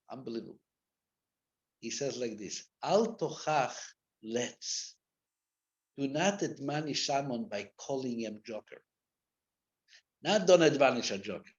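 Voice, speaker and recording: A man teaching a live Torah class as a rabbi, mixing Hebrew and Yiddish terms into English and swinging from loud acted rebukes to quiet asides. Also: mid-range voice. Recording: dull lo-fi classroom recording.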